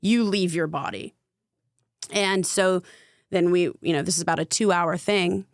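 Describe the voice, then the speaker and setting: Brief: young woman, low gravelly tone, dry close sound, loose storytelling with lots of "like". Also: unhurried, no room sound. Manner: chatty, fillers of "like", vivid retelling. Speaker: podcast guest, spiritual coach. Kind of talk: casual storytelling.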